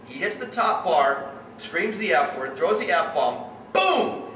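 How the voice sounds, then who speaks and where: A middle-aged man speaks to parents as their coach, telling animated stories and putting questions to the room. His voice sits slightly high. It is picked up from afar, with room echo and steady background noise. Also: takes it slowly, hardly any pauses. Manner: animated storytelling, addresses the audience directly. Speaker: youth sports coach. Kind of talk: seminar talk to parents. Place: room with an audience. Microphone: distant room mic. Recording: echoey room, distant mic, background noise.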